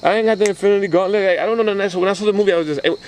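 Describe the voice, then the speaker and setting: A man co-hosting a casual relationship podcast, talking in a slightly high voice. He tells stories with energy and slips into other people's voices as he quotes them. Faint crickets chirp in the background. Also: racing, a little hiss or hum, poor audio. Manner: animated storyteller acting out quoted voices. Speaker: podcast co-host. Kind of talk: casual chat.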